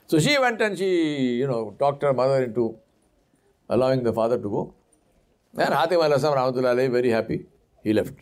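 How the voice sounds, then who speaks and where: A man preaching, telling a story with lively delivery and putting on voices for the characters. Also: mid-range voice, fast. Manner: animated storyteller who acts out voices. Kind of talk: sermon storytelling.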